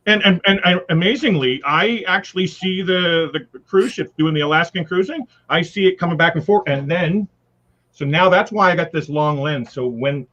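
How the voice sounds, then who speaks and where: A man's voice: on the high side, normal speed, sharp tone, muffled recording. A man from British Columbia, a guest on a live chat show, talking in a rambling way with many fillers and restarts. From British Columbia, Canada. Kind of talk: casual chat.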